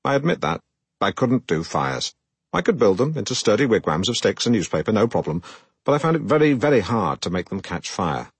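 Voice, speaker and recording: An actor playing a pompous, self-regarding middle-aged broadcaster who narrates his own memoir in a deadpan way. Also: lowish voice, a little fast, husky, no room sound, full character voice. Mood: self-important. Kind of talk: comic audiobook narration.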